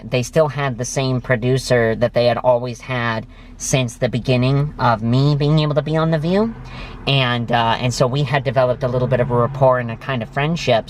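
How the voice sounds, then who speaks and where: A man's voice: medium pitch, slight background noise. A man hosting his own vlog, telling stories to the camera in an enthusiastic, effusive way. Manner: enthusiastic, effusive, heavy on praise words. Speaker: vlog host. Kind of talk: casual storytelling to camera.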